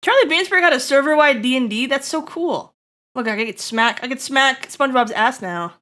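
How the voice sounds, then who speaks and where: A woman streaming live, chatting to her viewers in an excitable, giggly way. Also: high voice, normal speed. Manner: excitable, giggly, talks straight to chat.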